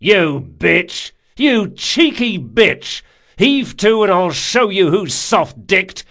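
A man voicing an angry, hot-tempered sailor on a cargo galley who shouts curses. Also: high-pitched, big pitch swings, slow, voice pushed up, heavily acted. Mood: furious.

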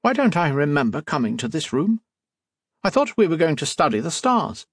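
A man voicing a nervous, hesitant young upper-class gentleman in an audiobook. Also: fairly high pitch, very animated, normal speed, breathy edge, dry recording, studio quality, voice pushed up, exaggerated voice. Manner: hesitant, pleading.

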